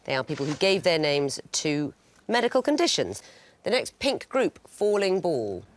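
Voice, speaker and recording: A woman hosting a quiz show, crisp and wry, announcing clues and scores with dry jokes. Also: deep voice, very animated, moderate pace, slight background noise. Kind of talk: quizmaster patter with dry jokes.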